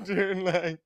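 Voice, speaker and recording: A rowdy man hosts a casual podcast, firing off crude jokes and breaking into frequent laughter. His voice sits a touch high for a man. The sound is dry and close, with no room around it. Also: fairly bright tone, no echo. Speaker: podcast host.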